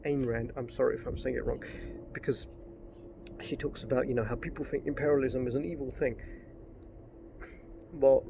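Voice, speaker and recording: A middle-aged man talks through a book review in a loose, rambling way, and he turns heated and swears. His voice is gravelly with fry at the phrase ends. A faint noise sits behind him. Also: mid-range voice. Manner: rambling, gets worked up and swears. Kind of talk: casual spoken book review.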